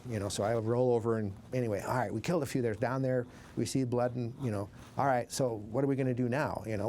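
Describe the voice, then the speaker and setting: An older man from Montana telling war memories in an interview, in a halting, plain-spoken way with many restarts. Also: mid-range voice, steady tone, dark tone, a little hiss or hum. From Montana, USA. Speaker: veteran recounting war memories. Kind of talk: oral history interview.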